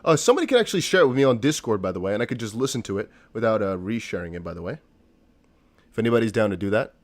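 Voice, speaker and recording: Excitable man on a live stream. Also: lowish voice, very fast. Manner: excitable, shouting and laughing with relief; rambling, self-mocking. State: out of breath, sweating. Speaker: crypto livestream host.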